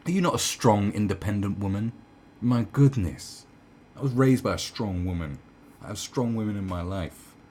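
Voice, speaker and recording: A man's voice: lowish voice, normal speed, a little mellow, a little hiss or hum. A man delivering a heated, profane commentary rant, full of stumbles and restarts. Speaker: commentary vlogger. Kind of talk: ranting commentary.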